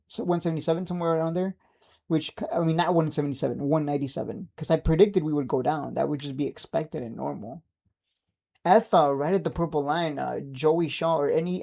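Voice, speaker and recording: Streamer type, man in his 30s, mellow tone, keeps chuckling between remarks. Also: on the high side, gravelly. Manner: laughs often, chuckling and upbeat. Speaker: stock trading streamer. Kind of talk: casual livestream chat.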